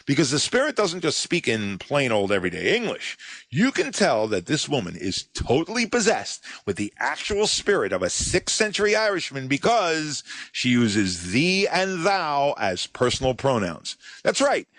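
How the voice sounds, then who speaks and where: A man's voice: medium pitch, wildly swooping pitch, moderate pace, fairly bright tone, no echo. A man hosting a podcast, telling a story in wry, sardonic scripted narration. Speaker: podcast host.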